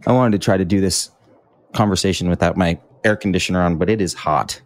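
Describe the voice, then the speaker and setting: Laid-back young man, very deep voice. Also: fast talker, dry recording. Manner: laid-back, says "dude" a lot, laughs often. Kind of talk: casual chat. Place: apartment in New York City.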